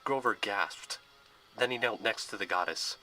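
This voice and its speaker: Narrator: a man, bright and sharp, steady expressive storybook reading. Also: on the low side, moderate pace, soft background music, poor audio.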